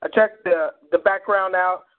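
A man co-hosting a radio show who chats casually, then performs a spoken-word poem with animated, repeated phrases. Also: sits high, measured pace. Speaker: radio co-host and poet. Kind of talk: casual chat and spoken-word poetry reading. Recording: tinny phone-like sound.

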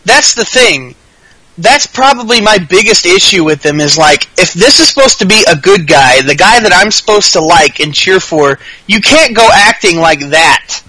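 A man co-hosting a podcast, chatting casually about wrestling in a profane, animated rant. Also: high voice, normal speed, slightly rough, no room sound, low-quality recording. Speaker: podcast co-host.

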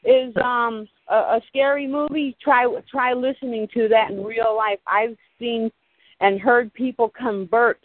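A woman tells her story over a thin, phone-like line. She is animated and retells her conversations as she goes. Her voice sits a little high. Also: a little slow, dry recording. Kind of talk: casual storytelling on a call-in show.

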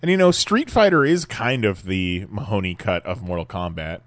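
Man, podcast co-host, quick joking asides, animated pitch, dry sound. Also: no echo. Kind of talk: casual chat.

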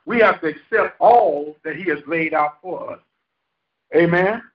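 A high-voiced male pastor preaches in a folksy, joking way and keeps quizzing his congregation. His voice is caught from some distance in a roomy hall, and the sound is dull. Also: unhurried. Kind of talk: preaching a sermon. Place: church hall. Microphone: handheld microphone.

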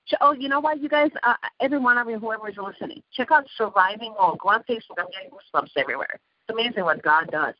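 High-voiced rambling woman on talk radio. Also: very fast, no room sound. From Iran. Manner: rambling, emphatic, interrupts often. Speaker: radio show guest, activist. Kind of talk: talk radio call-in chat. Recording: dull dry lo-fi radio sound.

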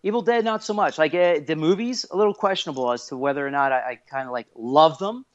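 A man in his thirties, a guest on a casual podcast, telling stories in an excitable way with lots of swearing. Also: fairly high pitch, quick pace. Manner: animated, swears a lot, excitable. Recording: dull lo-fi podcast audio.

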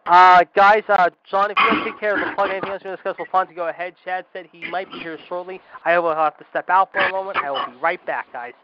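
A man hosting a wrestling radio talk show in an announcer style, and he keeps repeating "however" and "ladies and gentlemen". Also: high voice, fairly even intonation, fast, few pauses, a crowd in the background. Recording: dull lo-fi audio with loud noise.

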